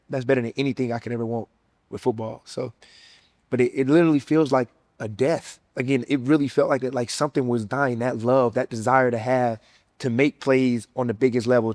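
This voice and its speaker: A man's voice: mid-range voice, darkish tone, no echo. Earnest young Southern man, dry sound. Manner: earnest, emotional storytelling with casual slang. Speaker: former college football player sharing his testimony. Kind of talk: personal testimony.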